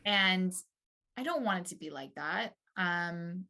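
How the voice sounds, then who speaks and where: Bright-voiced young mother, open and hesitant. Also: on the low side, lively intonation, slow pace. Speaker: client mother. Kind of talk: therapy session talk.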